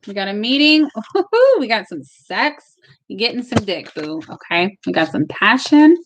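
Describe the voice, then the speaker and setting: A woman with a fairly high voice reads tarot cards on a live stream from home. She talks in a loose, chatty way, gets emotional at times, and swears now and then. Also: fairly bright tone, a little hiss or hum. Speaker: tarot reader. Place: home with barking dogs.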